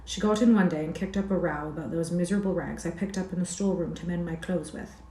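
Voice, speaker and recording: A woman's voice: lowish voice, fairly even intonation, quick pace, dark tone, natural voice. A woman voicing a nervous rambling wanderer. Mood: worried. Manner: anxious rambling. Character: nervous ragged young male wanderer. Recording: roomy echo.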